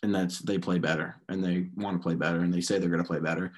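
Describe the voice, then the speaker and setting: A man's voice: low voice, quick pace. Rambling young man ranting on sports. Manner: frustrated, rambling, animated rants with restarts. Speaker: podcast host. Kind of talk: casual sports rant.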